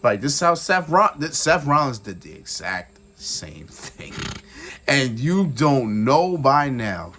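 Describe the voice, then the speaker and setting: Excitable man recapping a wrestling match. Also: medium pitch, slow pace, a little hiss or hum. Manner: excitable, retells with shouted quotes and sound effects; repeats phrases for emphasis, laughs often. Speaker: wrestling reviewer. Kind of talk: casual recap commentary.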